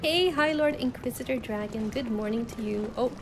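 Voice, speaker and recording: A woman's voice: a little high, moderate pace, a crowd in the background. A woman streaming a video game live, chatting casually to her viewers and poking fun at her own mistakes. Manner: chatty, self-deprecating, talks to chat while playing. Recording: game music behind the voice.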